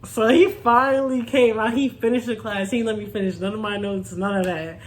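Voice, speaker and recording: A young woman vlogger chats casually with her viewers in a storytime style, laughing often and calling them y'all. Her voice sits on the high side with a steady tone, and she talks fairly quickly over slight background noise.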